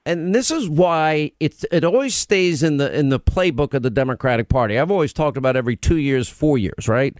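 Guy hosting talk radio, pushy and rambly, voice sits a bit high, dry studio sound. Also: lively intonation, brisk, few pauses, no room sound. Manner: emphatic, rambling, repeats phrases. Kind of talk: opinionated radio monologue. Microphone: studio microphone.

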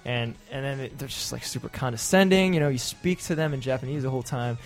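A young man in relaxed conversation, telling stories with lively mimicry of officials and friends. His voice is mid-pitched, and faint music plays behind him. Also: fast talker. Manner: animated storyteller, mimics officials. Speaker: podcast guest who lived in Japan. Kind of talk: casual chat.

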